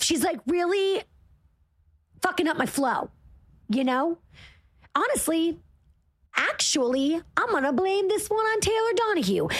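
A woman's voice: fairly high pitch, dry recording. Chatty, self-mocking woman podcast host. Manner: chatty and self-deprecating, heavy use of "like". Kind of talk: casual chat.

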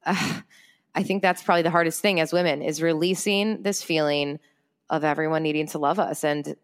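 A woman's voice: low-pitched, steady tone, fairly quick, clear, resonant tone. A woman in her late twenties, an entrepreneur and speaker, talking candidly and expressively as a podcast guest, often laughing. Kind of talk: casual podcast conversation.

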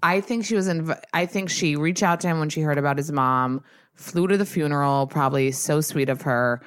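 This woman hosts a podcast in a relaxed, gossipy chat. Her voice sits low for a woman, and she peppers her talk with "like" and casual swearing. The sound is dry and close, with no room around it. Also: moderate pace, clean tone, no echo. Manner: chatty and swears freely, heavy use of "like". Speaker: podcast host.

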